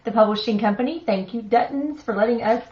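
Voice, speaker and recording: Brisk and a little high, with a darkish tone, this woman's voice comes through a dull, muffled recording. She is middle-aged and hosts a live stream, where she reads a picture book for children aloud with good cheer and chats, chuckling.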